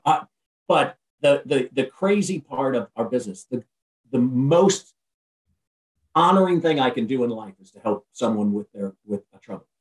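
Energetic, preachy man, roomy and distant. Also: mid-range voice. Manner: energetic, preachy, repeats and restarts phrases. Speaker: podcast guest and motivational speaker. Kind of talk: casual podcast conversation. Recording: roomy sound from far off the mic.

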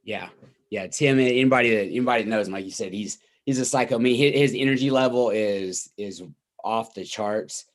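A man's voice: lowish voice, a little fast. A man hosting a casual interview, laid-back and encouraging. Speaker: podcast host and coach.

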